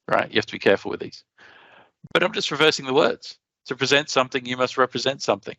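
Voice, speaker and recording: Gravelly Australian man giving a talk. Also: medium pitch, fast talker, dry recording, highs cut off. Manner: chatty, animated, frequent restarts. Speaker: conference presenter. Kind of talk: conference talk.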